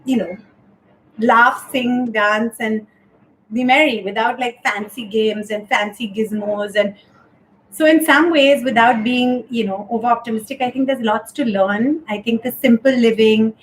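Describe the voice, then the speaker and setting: A woman's voice: a little high, fairly even intonation, measured pace, a little hiss or hum, rough recording. A woman hosting a casual live-stream chat show from home, talking in a chatty way with many fillers. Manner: chatty, lots of "you know" and "um". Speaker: host of a live talk show. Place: home during lockdown.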